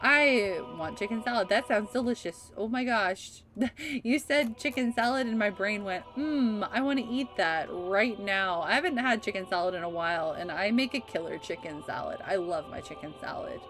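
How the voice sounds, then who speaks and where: A woman's voice: medium pitch, moderate pace, fairly bright tone. A woman livestreaming a game, chatting casually with her viewers in a bubbly, laughing manner. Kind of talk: casual gaming livestream chat. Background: game music.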